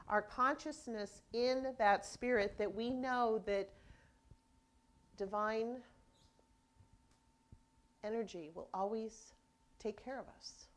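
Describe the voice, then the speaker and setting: Woman minister giving a sermon. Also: mid-range voice. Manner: conversational storytelling, acting out reactions.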